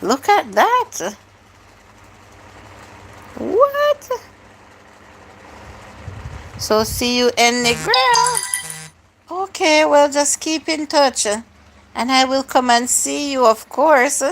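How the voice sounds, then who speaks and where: A woman's voice: high voice, animated, drawn-out words, long pauses, a little hiss or hum. A woman hosting a live stream, chatting casually and answering her viewers' comments one by one.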